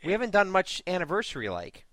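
A laid-back male podcast co-host chats casually and often gives short reactions. His pitch swings a lot as he talks. The sound is dry and close to the mic. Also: huge pitch swings, fast, fairly bright tone, dry recording. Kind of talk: casual chat.

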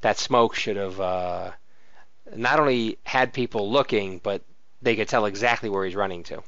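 A man's voice: fairly low pitch, normal speed, fairly bright tone, no echo, lo-fi sound. Man reading a comic synopsis. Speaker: podcast co-host. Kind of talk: casual chat and read synopsis.

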